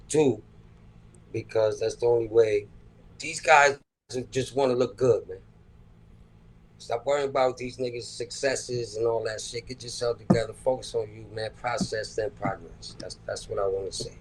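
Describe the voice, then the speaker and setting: A man's voice: medium pitch, steady tone, moderate pace, fairly bright tone, low-quality recording. A man, a rapper and producer, talking in a laid-back, slangy, profane way in a casual interview. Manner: laid-back, slangy and profane, with frequent "you know what I'm saying".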